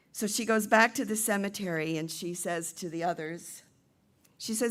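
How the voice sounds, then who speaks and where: A middle-aged woman minister preaching a sermon, retelling a play and voicing its characters with lively shifts. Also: on the low side, normal speed. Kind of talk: sermon with storytelling.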